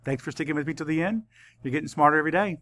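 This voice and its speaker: A man teaching a spelling lesson to children, saying words slowly and spelling them out letter by letter. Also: fairly high pitch, a bit bright. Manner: slow, careful letter-by-letter spelling.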